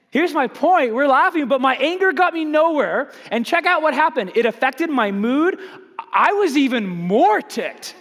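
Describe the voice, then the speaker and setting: High-voiced pastor preaching in a big hall. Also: male voice, a little slow. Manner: animated, self-mocking, acts out voices. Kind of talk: sermon with humorous storytelling.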